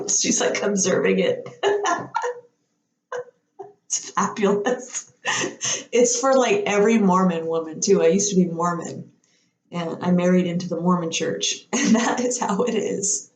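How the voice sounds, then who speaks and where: A woman's voice: lowish voice, unhurried, long pauses. A woman telling rambling everyday stories in a casual chat, laughing often and acting out the people she quotes. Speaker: podcast speaker. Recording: roomy echo.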